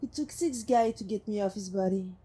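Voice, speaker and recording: A woman voicing a haunted female synth who was once a killer, telling her past in slow, brooding monologue. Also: medium pitch, warm tone, husky. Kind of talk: game companion monologue. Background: faint music.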